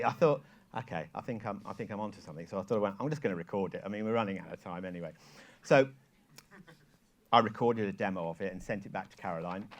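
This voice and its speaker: A man with a lively storytelling manner, telling an anecdote on stage to a live audience and leading a sing-along. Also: on the low side, fast talker, soft background music. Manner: lively storyteller, quoting emails in voices. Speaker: songwriter giving a talk. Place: event hall with live audience.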